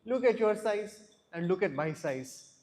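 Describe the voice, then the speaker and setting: A man's voice: high-pitched, lively intonation, a little slow, a little mellow. A man voicing a vast, proud ocean that mocks a small bird in a fable. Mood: scoffing. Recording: echoey hall.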